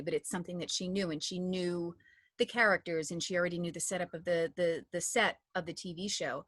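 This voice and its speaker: A woman's voice: lowish voice, fairly even intonation, a little fast, dry recording, clean studio sound. A woman in her thirties, an audio description narrator, telling stories in a chatty interview with many restarts. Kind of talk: casual interview talk.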